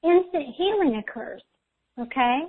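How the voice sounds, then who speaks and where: A woman's voice: high voice, expressive, a little slow. A woman host giving intuitive spiritual readings in a soothing, guiding way, often checking in with "okay?", over a tinny line. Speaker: intuitive reader, show host.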